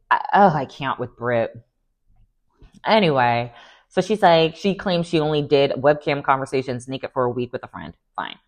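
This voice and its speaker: Sassy woman recapping reality TV. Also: deep voice. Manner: animated and sassy, slangy, laughs often. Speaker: TV recap host.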